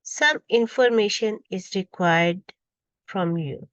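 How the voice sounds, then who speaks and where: Slow, deliberate woman teaching English. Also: medium pitch, animated, dry recording, highs cut off. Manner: slow, deliberate, stresses each example. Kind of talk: grammar lesson.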